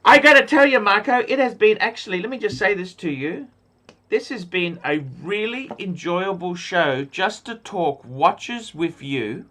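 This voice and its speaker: A man from Australia hosting a casual watch-talk livestream, excitable and rambling. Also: sits high, a little slow. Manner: excitable, rambling, reads out donations. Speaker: livestream host.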